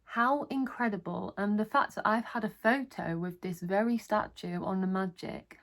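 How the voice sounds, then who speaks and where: A woman's voice: medium pitch, normal speed. A woman chatting casually in a haul vlog, gushing enthusiastically over each item she shows. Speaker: vlogger. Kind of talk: casual haul video chat.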